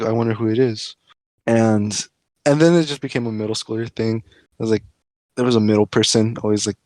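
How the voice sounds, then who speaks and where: A young man guests on a casual podcast and tells a story in an easygoing, rambling way, full of likes and ums. His voice is average in pitch and recorded close and dry. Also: a little mellow, no echo. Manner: easygoing storytelling with fillers and laughs. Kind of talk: casual chat.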